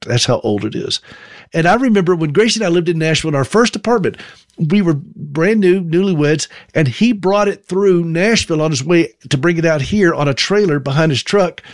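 A man's voice: a little high, dry recording, clean studio sound. Self-mocking Southern man telling a story. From South Carolina, US. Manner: folksy, self-deprecating humor. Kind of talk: storytelling monologue.

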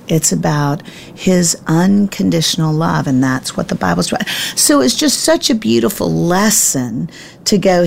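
A middle-aged woman speaks with a low, gravelly voice. She is a Bible teacher, and she tells a family story with lively emphasis. She often pokes fun at herself, and a faint noise sits under her voice. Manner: self-deprecating, emphatic, quick to laugh at herself. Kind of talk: animated storytelling in conversation.

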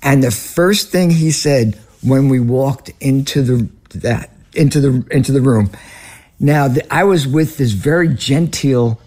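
A man in his seventies with a Northern US accent speaks as an interview guest. His voice is warm and mellow. He tells his stories in an earnest, steady way. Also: medium pitch, measured pace. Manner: earnest, storytelling. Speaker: ministry leader, guest. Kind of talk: conversational interview.

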